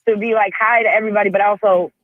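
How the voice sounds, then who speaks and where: A woman's voice: medium pitch, fairly even intonation, rapid-fire, no echo. A woman calling in to a radio show, earnestly and insistently backing the host. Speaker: caller. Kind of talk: phone-in call. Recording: tinny phone line.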